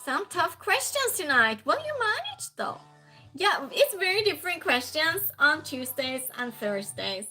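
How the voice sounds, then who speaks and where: Trivia stream host, female, high bright voice, unhurried, sometimes loud, faint music under. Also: big pitch swings. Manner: reads questions aloud, chats with viewers, sometimes loud. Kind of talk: casual live-stream trivia hosting.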